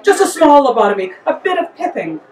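A woman's voice: high voice, big pitch swings, fairly quick, a little mellow, echoey room, far from the mic, pitched above the performer's own voice, poor audio. A woman voicing a dry, sarcastic, hard-bitten cop speaking earnestly at a live story reading.

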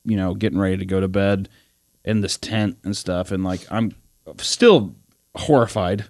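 A young man on a podcast, telling a long story in a rambling, animated way, full of fillers and laughing as he acts out the other people in it. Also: low-pitched, normal speed, no room sound, clean studio sound. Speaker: podcast co-host. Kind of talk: casual storytelling chat.

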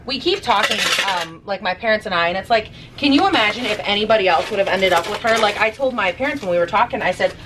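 A woman's voice: medium pitch, lively intonation, fast talker, few pauses, recorded from a distance, background noise. A young woman vlogging in her kitchen while she bakes, talking in a sassy, chatty way with casual swearing. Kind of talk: casual chat while baking. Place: home kitchen.

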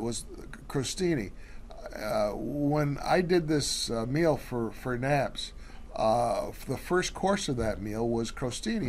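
A man co-hosting a home cooking show, talking through recipes in a relaxed, halting way. His voice sits at an ordinary middle pitch, and faint noise hums under the recording. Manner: halting, many fillers and restarts. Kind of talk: casual cooking chat.

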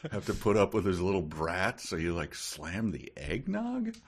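Low-pitched guy cracking sarcastic jokes about a cheesy book, podcast chat. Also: huge pitch swings, moderate pace, husky. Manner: wry, sarcastic, reads passages in silly put-on voices. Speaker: podcast co-host. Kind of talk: casual chat, reading aloud and mocking a book.

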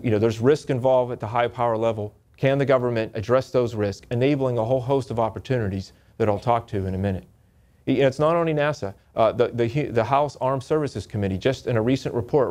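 Man, technical presenter, halting, repeats words, mid pitch, upbeat. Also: darkish tone.

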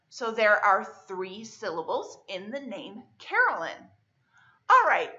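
A woman librarian leading a children's storytime lesson, speaking in a cheerful sing-song teacher voice and slowly drawing out words as she claps their syllables. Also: fairly high pitch, bright, forceful tone, lo-fi sound. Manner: slow, exaggerated clapping of syllables.

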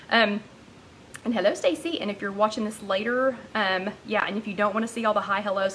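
Woman host, casual rambling live chat, mid-pitched voice, faint room noise. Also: fairly bright tone, low-quality recording. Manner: chatty, rambling, greets viewers by name. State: out of breath.

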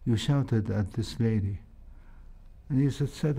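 An older man with an Egyptian accent, Arabic being his first language, tells reflective stories as an interview guest about his work as a heart surgeon. He is slow, mellow, and measured, with frequent hesitations, and his medium-pitched voice has a breathy edge.

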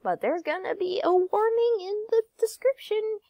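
Very high-pitched and at a normal speed, the gaming YouTuber's voice comes through muffled but without echo. She's a young woman narrating gameplay in a giggly, playful way, occasionally singing or whispering.

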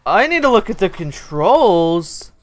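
A gaming channel host giving excitable gameplay commentary, swearing often and yelping at what happens in the game. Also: mid-range voice, measured pace. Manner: excitable, swears a lot, yelps and laughs at the game.

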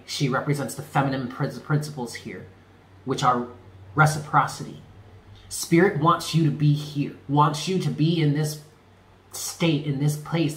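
A man giving a spoken tarot reading, earnest and emphatic, often repeating himself and dropping low on key words. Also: a bit bright, reverberant, a little hiss or hum. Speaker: tarot reader.

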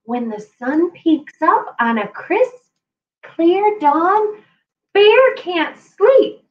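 Children's librarian reading aloud to kids, unhurried and animated. Slightly muffled recording. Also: female voice, extremely high pitch. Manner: animated, playful, talks to young kids.

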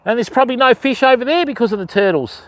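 This Australian fisherman's very high-pitched voice is animated and quick as he livestreams from a river outdoors. He keeps up casual chat with his audience, calling out viewers by name.

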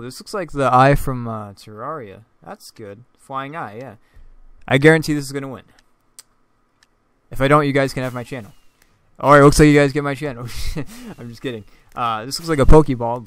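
A man's voice: medium pitch, a bit bright, smooth, no room sound. A man giving casual, joking commentary over his own gameplay, laughing often and stumbling over his words. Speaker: gaming YouTuber.

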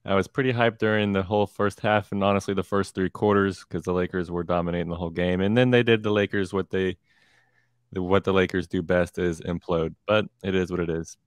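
Deep-voiced laid-back male sports bettor. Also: steady tone, a little fast, dry recording, studio quality. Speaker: sports betting show regular. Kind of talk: casual sports betting analysis.

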